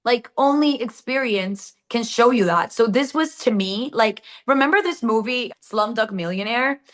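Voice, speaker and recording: A woman's voice: a little high, normal speed. A woman with a Latin American Spanish accent, a native Spanish speaker, telling stories animatedly in an interview and acting out quotes. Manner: animated storytelling with acted-out quotes. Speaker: actress guest. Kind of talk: casual interview answers.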